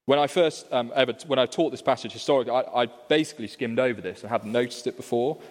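Male preacher, mid pitch, chatty sermon full of rhetorical questions, long church-hall reverb. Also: quick pace. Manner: conversational, asks rhetorical questions. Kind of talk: expository sermon.

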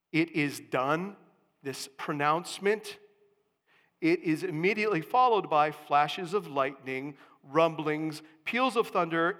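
A male pastor preaching a sermon, dropping to hushed lines and then rising to booming proclamations. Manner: dramatic swings from hushed to booming. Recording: long church reverb.

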